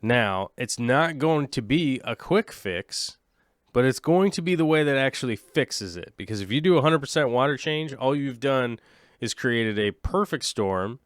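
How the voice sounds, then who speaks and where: A man's voice: mid-range voice, clean tone, no room sound, studio quality. A man in his late thirties hosting a casual aquarium livestream, rambling and joking with his viewers. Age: late 30s. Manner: rambling, jokey, chats with viewers.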